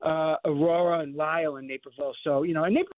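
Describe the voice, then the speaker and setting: Rambling male guest in his 50s, high-pitched, heard over a tinny phone line. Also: steady tone, no echo. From Chicago area. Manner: rambling, halting storyteller. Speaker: guest actor. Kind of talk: phone-in interview chat.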